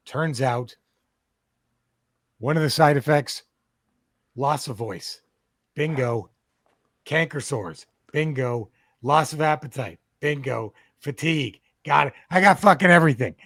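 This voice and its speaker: A man co-hosting a podcast, telling a story in a casual, profane, animated way. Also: medium pitch, unhurried, pauses often, no room sound, studio quality. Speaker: podcast co-host. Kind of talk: casual chat.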